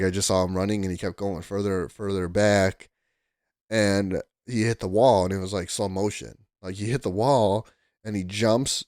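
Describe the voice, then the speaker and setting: Low, gravelly young man rambling excitedly. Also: no echo, clean studio sound. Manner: rambling, excitable, heavy use of "like" and restarts. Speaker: vlogger. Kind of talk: casual storytelling to camera.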